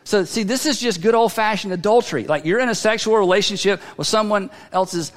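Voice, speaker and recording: A man preaching a sermon as a pastor, telling a story in a conversational way with halting restarts. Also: sits high. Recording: long hall reverb.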